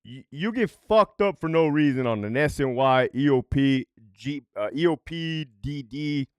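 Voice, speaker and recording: A man's voice: on the high side, a little slow, smooth, no room sound. A middle-aged man, a former correctional officer, telling prison stories in a profane, worked-up way and keeps asking "right?". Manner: animated and worked up. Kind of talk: storytime commentary.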